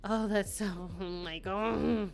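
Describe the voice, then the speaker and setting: A woman's voice: mid-range voice, steady tone, slow, vocal fry, soft background music. A young woman streamer chatting casually with her live viewers, rambling and laughing often. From United States.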